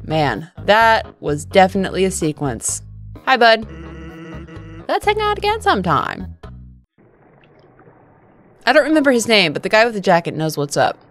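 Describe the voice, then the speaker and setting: A woman's voice: medium pitch, wildly swooping pitch, moderate pace, long pauses. A young woman doing casual, joking let's play commentary, swearing freely as she plays. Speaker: gaming streamer. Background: faint game music.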